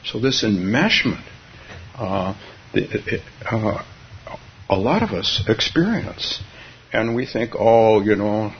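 Lively, low-voiced man giving a dharma talk. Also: slow pace, creaky, pauses often, slight background noise. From California. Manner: lively and musing, chuckling often, with restarts. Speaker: Zen teacher. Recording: dull lo-fi recording.

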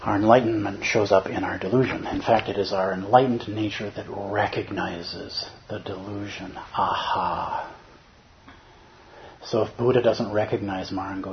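A man's voice: on the low side, fairly even intonation, moderate pace, muffled recording, a little hiss or hum. A man teaching as a Zen teacher in a dharma talk, conversational and humorous, often checking in with listeners.

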